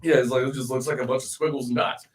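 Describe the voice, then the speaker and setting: A man's voice: mid-range voice, fairly even intonation, quick pace. Rambling, explaining podcast man. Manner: explains ideas at length with many fillers. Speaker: podcast co-host. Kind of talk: casual podcast chat.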